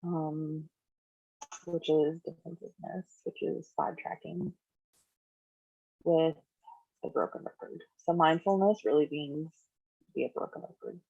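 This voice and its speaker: A woman's voice: low voice, a little slow, pauses often, no room sound. A woman therapist teaching a skills class in a conversational way, acting out example dialogue. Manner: conversational, acts out example dialogue in lively voices. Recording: dull, dry lo-fi recording.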